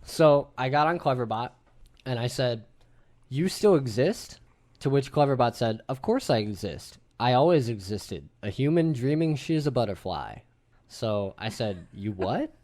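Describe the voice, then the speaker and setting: A man in his thirties hosts a relaxed group podcast in an ordinary mid-range voice. He tells stories with animated energy and drops casual swearing along the way. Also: mid-range voice, normal speed. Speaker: podcast host.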